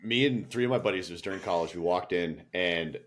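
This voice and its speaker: A man's voice: deep voice, quick pace, background noise. A young adult man co-hosting a podcast, telling a story in casual chat and laughing through it. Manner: animated storyteller, laughs through his anecdotes. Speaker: podcast co-host.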